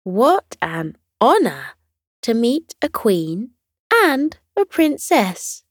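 A woman's voice: a little high, very animated, extremely slow, slightly rough, no echo, studio quality, voice pushed up, full character voice. A woman voicing a sweet, cheerful young male dinosaur who speaks politely and eagerly. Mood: awed.

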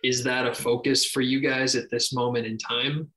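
A man's voice: medium pitch, little pitch movement, moderate pace, pushed and bright, rough recording. A man hosting a podcast interview, asking short, business-minded questions and adding brief affirmations. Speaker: podcast host.

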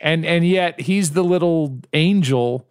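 A man's voice: fairly high pitch, slow, clear, resonant tone, no echo. A man, a podcast co-host, chatting casually and telling stories with a wry, dry humor. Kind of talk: casual chat.

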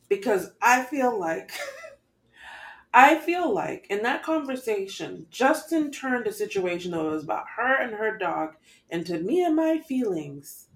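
A woman co-hosting a casual recap chat, giving expressive and exasperated commentary. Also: mid-range voice, a little slow. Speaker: podcast co-host.

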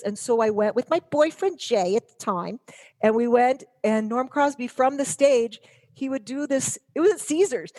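A woman's voice: sits high, normal speed, a little mellow. A woman guest in casual chat, telling rambling stories and teasing the hosts playfully.

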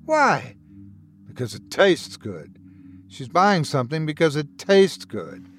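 Narrator plays a sinister male doctor: slow, quiet, mocking, pitch that leaps around. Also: big pitch swings, soft background music, exaggerated voice. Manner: taunting, slow and hushed.

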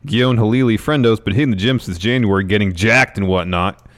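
A man co-hosting a casual podcast in a laid-back, deadpan manner. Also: fairly low pitch, fairly quick. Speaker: podcast co-host. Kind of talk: casual chat.

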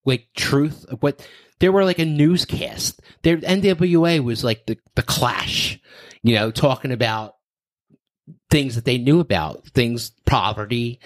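Male podcast co-host, mid-pitched voice, animated and loose, curses freely. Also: measured pace. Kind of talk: casual chat.

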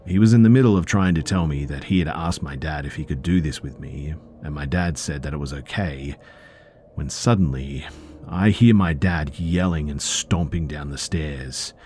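Man with a super deep voice reading creepy true stories, calm, faint hiss behind. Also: normal speed. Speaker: storyteller. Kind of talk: narrating true scary stories.

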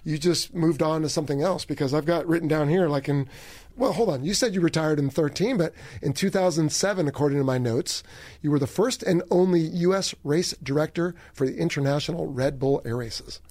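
A man hosting a podcast, asking questions in a relaxed, conversational way. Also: on the high side, brisk. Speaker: podcast host. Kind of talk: casual interview chat.

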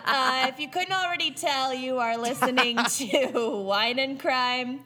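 A woman's voice: high voice, a little slow, pushed and bright. A woman co-hosting a casual true crime podcast, laughing often as she talks. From Minnesota. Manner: giggly, frequent laughter. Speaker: podcast co-host. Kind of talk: casual chat.

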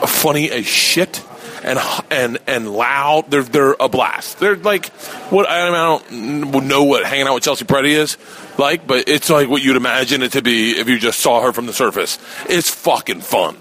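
A man's voice: mid-range voice, normal speed, bright, forceful tone. A middle-aged man hosting a podcast, telling a rambling, profane comic story in a casual way. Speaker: podcast host. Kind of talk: comedic storytelling.

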